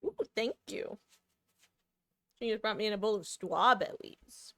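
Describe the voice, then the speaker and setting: Woman streamer, live game commentary, chatty, playful, quick asides, mid-pitched voice. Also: sharp tone.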